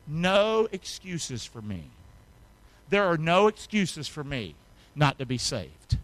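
A pastor preaches a sermon in call-and-response style, asking the congregation to repeat after him and reading scripture aloud. His slow, slightly high voice swings widely in pitch, moving from hushed, intimate lines to loud, rising passages.

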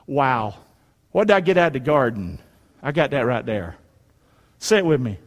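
A pastor with a fairly high voice preaches in a church full of long, echoey hall reverb, animated and at normal speed. He reads scripture aloud and, in a folksy, emphatic way, has the congregation repeat it.

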